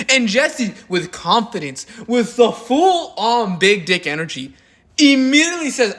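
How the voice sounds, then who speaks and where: A man's voice: high-pitched, big pitch swings, moderate pace, a bit bright. A man doing drama commentary in a crude, mocking and heavily profane way. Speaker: commentary YouTuber.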